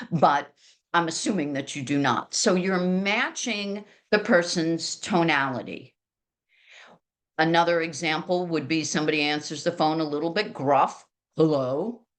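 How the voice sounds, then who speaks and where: A woman real estate agent with a big, loud outdoor voice, giving a lively, chatty sales training talk to colleagues. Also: deep voice. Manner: lively, chatty and self-deprecating.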